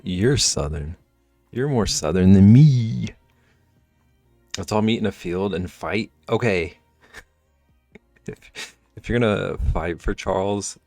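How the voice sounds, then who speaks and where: A man's voice: lowish voice, a little mellow, dry recording, clean studio sound. A man livestreaming, chatting casually and teasing his viewers as he reacts to chat from home.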